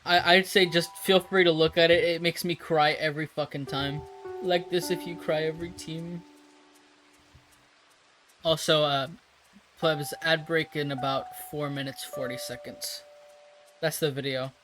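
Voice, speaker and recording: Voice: medium pitch, fairly even intonation, a little slow, pauses often, music in the background, rough recording. A streamer chatting casually with viewers while drawing, rambling, laughing often and swearing freely.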